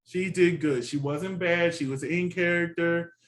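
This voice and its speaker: A man's voice: fairly high pitch, unhurried, rough recording. Chatty man reviewing a TV show. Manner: chatty and animated, laughs often, quotes reactions. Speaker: co-host reviewing a TV competition. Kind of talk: casual review chat.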